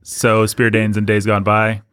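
A man's voice: fairly low pitch, monotone, measured pace, fairly bright tone, clean tone, no room sound. A young man hosting a podcast in a playful, joking casual chat. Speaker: podcast host.

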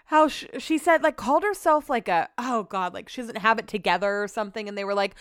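A woman's voice: mid-range voice, quick pace, a bit bright, clear, resonant tone, no room sound, studio quality. A woman hosting a casual solo podcast from home, talking candidly and chattily with lots of filler words. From Sacramento area, US. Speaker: podcast host.

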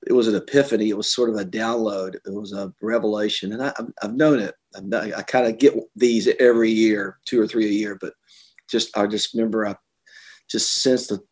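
A middle-aged man with a low voice talks through personal stories as an interview guest. He speaks earnestly, with restarts, and lifts his voice when acting out quotes. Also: fairly quick, breathy edge. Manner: earnest storyteller, animated when quoting others. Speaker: author and guest. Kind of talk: conversational interview.

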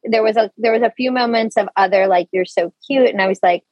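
A woman's voice: a little high, steady tone, fast talker, no echo, lo-fi sound. A woman guest on a podcast, talking casually and animatedly, swearing now and then. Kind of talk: casual conversational interview.

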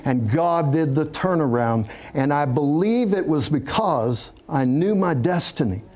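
A man with a somewhat high voice tells his story at an unhurried, deliberate pace. He is a pastor giving an earnest testimony in an interview, breaking into small chuckles as he goes. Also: lively intonation, a little mellow.

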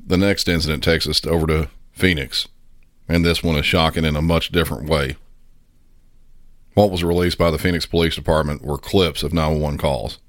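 A man hosting a podcast, calmly narrating and explaining a true-crime case in a measured way. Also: a bass voice, no room sound, clean studio sound. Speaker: podcast host.

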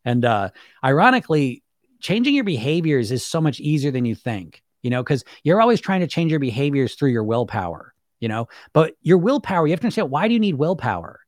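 A man's voice: a little high, very animated, a little fast, no echo, clean studio sound. A man coaching viewers on weight loss through self-hypnosis in a blunt, emphatic monologue, swearing casually and asking rhetorical questions.

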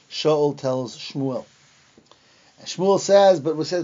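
A man with a high voice teaches a lesson on the Bible, telling the story with energy and acting out the quoted lines. He pauses now and then with fillers and restarts, and the recording sounds dull and lo-fi. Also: dark tone. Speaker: Torah teacher.

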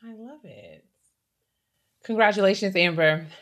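A woman co-hosting a podcast, reading listener letters aloud with animated, affectionate banter. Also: medium pitch, a little slow. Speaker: podcast co-host.

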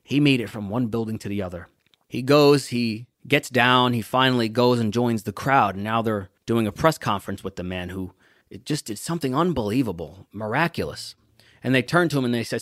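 A young adult man hosts a motivational podcast, preaching and telling stories with emphasis. He slows down to lean on key words. His mid-range voice sits dry and close to the mic. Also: mid-range voice, a bit bright, no echo. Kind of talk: motivational talk with storytelling.

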